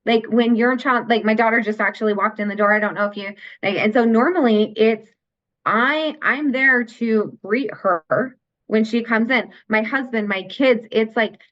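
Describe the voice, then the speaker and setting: A woman's voice: on the high side, normal speed. Teacherly woman on a dull lo-fi line. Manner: earnest, explanatory, teacherly. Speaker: guest, teen mindset mentor. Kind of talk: podcast interview conversation. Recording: dull lo-fi sound.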